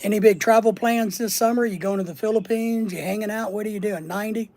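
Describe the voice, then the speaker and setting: Quick and high-voiced, a bit mellow but gravelly, a middle-aged man hosts a laid-back livestream. He jokes and rambles as he goes through the chat, answering comments, repeating words and reeling off lists.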